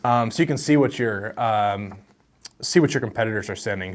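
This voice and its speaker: A man's voice: mid-range voice, moderate pace. A young man hosting a casual advice vlog on real estate wholesaling, talking to camera in a friendly, storytelling way. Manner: friendly, storytelling, animated with laughs.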